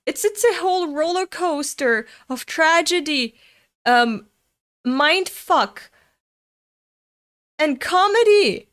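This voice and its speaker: Giggly woman from Europe, high voice, unhurried comic reaction host. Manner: excitable, bursts into giggling fits. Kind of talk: casual reaction commentary.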